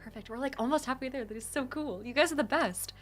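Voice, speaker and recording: A young woman hosting a charity live stream, reading out donations and chatting with bubbly, gushing excitement from her home computer. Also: high-pitched, fast, soft background music. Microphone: desktop streaming mic.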